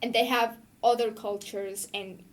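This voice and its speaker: A woman's voice: a little high, measured pace, a crowd in the background. Young Spanish-accented woman, laughing chat. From Spain. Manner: animated, laughs often. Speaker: podcast co-host. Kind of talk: casual chat.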